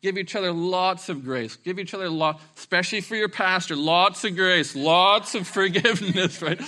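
A middle-aged pastor's high voice carries his sermon at normal speed. He brings his stories to life by acting out voices, and he laughs along the way.

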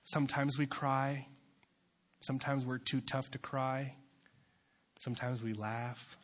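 A young man preaching as a youth pastor, dropping into quiet asides and then building to loud, fervent exhortation. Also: medium pitch, level tone, unhurried. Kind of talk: sermon.

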